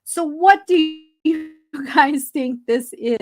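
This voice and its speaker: A woman's voice: high-pitched, slow pace. A woman hosting a casual live stream, laughing often as she reads chat messages aloud. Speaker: host.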